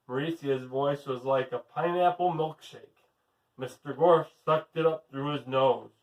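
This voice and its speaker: A teacher reading a chapter book aloud to children, upbeat and encouraging, recorded from a distant mic. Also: male voice, mid-range voice, unhurried, a little mellow. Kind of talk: read-aloud storytelling.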